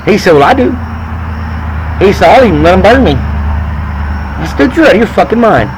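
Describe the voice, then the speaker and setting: Fast, animated crude storyteller man. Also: high-pitched, background noise. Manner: crude, rowdy, quick storytelling. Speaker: podcast co-host. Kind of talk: casual storytelling chat.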